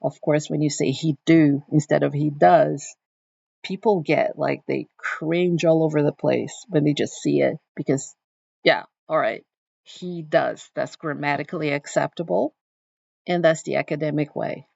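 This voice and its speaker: Woman lecturer, thoughtful and explanatory, with a gravelly voice and a dry, dull sound. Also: deep voice, normal speed, darkish tone, no room sound. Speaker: literature teacher. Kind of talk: recorded literature lecture.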